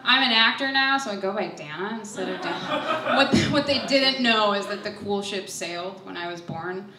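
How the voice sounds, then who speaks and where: A woman's voice: mid-range voice, normal speed, heavy background noise. Nervous young woman telling a story on stage. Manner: nervous, self-deprecating, laughs through her lines. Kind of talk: personal storytelling. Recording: echoey hall, voice from far off.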